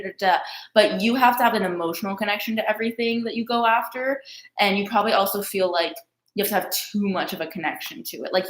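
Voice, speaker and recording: A woman's voice: mid-range voice, fairly bright tone. A woman astrologer co-hosting a live stream, rambling and teasing in casual talk. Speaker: astrologer co-host. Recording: echoey room.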